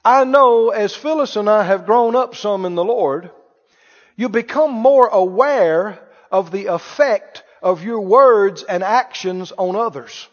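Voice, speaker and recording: A man's voice: high voice, slow pace. A man preaching a sermon as pastor, talking conversationally and quizzing his congregation with questions. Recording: muffled, reverberant hall.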